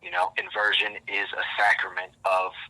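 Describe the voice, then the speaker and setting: A man's voice: low voice, monotone, normal speed, bright, forceful tone, rough recording. A man on a casual podcast who rambles intensely and restarts his words often. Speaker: podcast guest.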